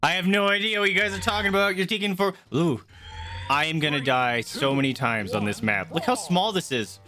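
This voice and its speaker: A game streamer giving excited live commentary while playing, swearing often and squealing and yelping at the action. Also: medium pitch, a little fast. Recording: loud game music behind the voice.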